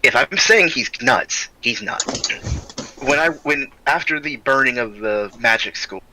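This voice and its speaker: A man voicing a steadfast, stoic young male soldier in tabletop role-play, halting and searching for names as he speaks, clearing his throat often. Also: medium pitch, lively intonation, noisy background, natural voice.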